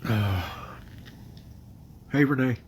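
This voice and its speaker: Tearful guy livestreaming from his bedroom on a phone, halting and apologetic, very slow delivery. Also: medium pitch, a little hiss or hum. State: crying. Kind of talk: casual livestream chat. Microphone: phone camera.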